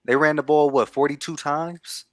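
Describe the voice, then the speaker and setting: A man's voice: a little high, steady tone, moderate pace, no echo. A man co-hosting a casual sports picks chat, blunt and emphatic, swearing freely as he makes confident predictions. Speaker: co-host.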